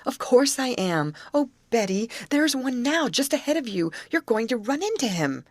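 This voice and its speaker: Brief: narrator putting on an excitable, panicky young girl; high, loud, storybook reading. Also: moderate pace, dry recording. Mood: insistent. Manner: shrill and panicky. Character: nervous excitable teenage girl.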